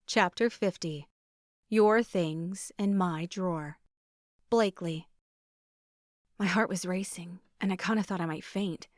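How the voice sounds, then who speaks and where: A woman narrating a romance audiobook in a measured, expressive reading voice. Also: fairly low pitch, no echo, clean studio sound.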